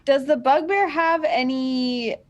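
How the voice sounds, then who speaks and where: A woman's voice: sits high, takes it slowly. A woman playing a tabletop game, casually thinking aloud about her moves. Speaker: player.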